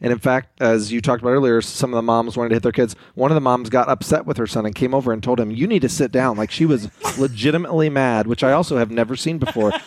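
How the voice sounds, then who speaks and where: A man's voice: medium pitch, fast talker, hardly any pauses, no room sound. A man who teaches gym, chatting casually in a dry, matter-of-fact way. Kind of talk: casual chat.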